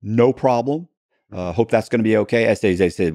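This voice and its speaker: A man telling a story as an interview guest, acting out quoted dialogue with halting restarts. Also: on the low side, a little mellow, no room sound, clean studio sound.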